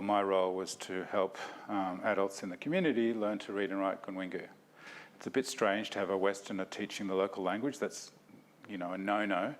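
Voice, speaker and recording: A man's voice: fairly low pitch, slight background noise. A man giving an academic talk, reflective and self-deprecating, in a lecture hall.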